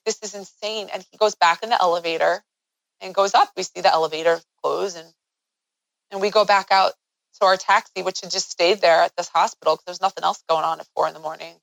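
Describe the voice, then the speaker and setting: Interview guest, woman, lower register, earnest storyteller, dry recording. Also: fairly bright tone, dry recording, poor audio.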